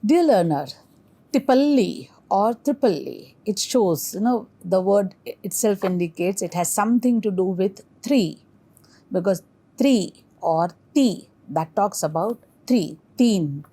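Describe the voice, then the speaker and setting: Indian woman lecturing in a mellow voice. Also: medium pitch, expressive, slow, husky. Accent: Indian English. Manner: explanatory, reciting rhythm syllables aloud. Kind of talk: recorded lecture.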